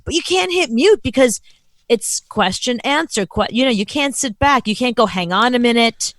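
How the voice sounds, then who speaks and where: A woman co-hosting a casual podcast chat, animated and quick to laugh. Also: fairly high pitch, no echo. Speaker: co-host.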